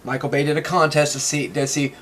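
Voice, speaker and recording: A young man talking in a casual interview, excitable and rambling, with lots of restarts. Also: on the high side, a little fast. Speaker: interviewee, toy collector.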